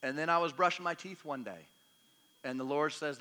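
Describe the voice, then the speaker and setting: A man's voice: fairly high pitch, moderate pace, bright, forceful tone. A man preaching a storytelling sermon in a chatty, self-deprecating, humorous way, acting out bits of dialogue. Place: church meeting hall. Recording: long hall reverb.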